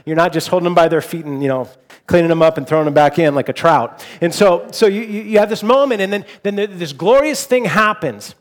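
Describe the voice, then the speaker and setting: A pastor in his forties delivers a sermon in a relaxed, conversational way. His voice sits fairly high for a man. He often restarts and repeats words, and he moves between loud emphasis and a soft hush. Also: brisk. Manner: shifts between loud emphasis and hushed softness.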